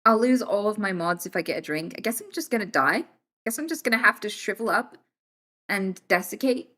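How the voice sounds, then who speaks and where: A woman's voice: medium pitch, expressive, fairly quick, sharp tone. Blunt, chatty British woman streamer. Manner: blunt and chatty, swears freely, drifts between jokes and serious points. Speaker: livestreamer answering chat. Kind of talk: casual live-stream chat.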